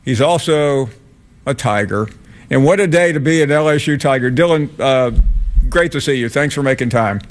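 A man hosting a sports TV show, interviewing a guest in a chatty, halting way with many restarts. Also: medium pitch. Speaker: sports TV host. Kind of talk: casual on-air interview.

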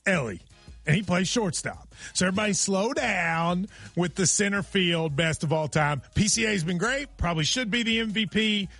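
A man's voice: high-pitched, moderate pace, husky, no room sound, soft background music. A man co-hosting a sports radio show, joking and laughing in casual chat. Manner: joking, animated, laughs often.

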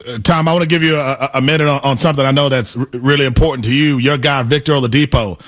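A man's voice: mid-range voice, steady tone, fast talker, a bit bright. A man co-hosts a sports talk radio show and asks a guest questions. He speaks in an ordinary mid-range voice and stumbles through hesitant, repeated starts. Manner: hesitant, stammering. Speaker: radio co-host.

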